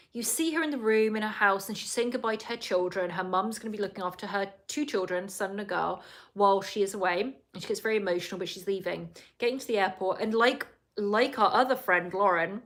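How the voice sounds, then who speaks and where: A woman's voice: medium pitch, a little fast, fairly bright tone. A woman hosting a casual solo podcast, recapping a reality show in a chatty, rambling way full of asides and apologies.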